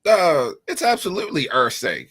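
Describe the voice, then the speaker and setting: A man co-hosting a sports chat, blunt and joking. His voice is bright and forward, and his pitch swings widely as he riffs. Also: big pitch swings, slightly rough. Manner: blunt, joking, quick to laugh. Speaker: sports podcast co-host.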